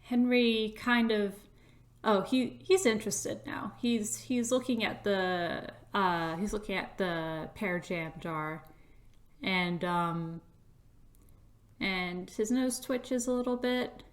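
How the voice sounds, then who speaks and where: A woman narrating as game master of a tabletop game, halting with frequent fillers and a playful tone. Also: medium pitch.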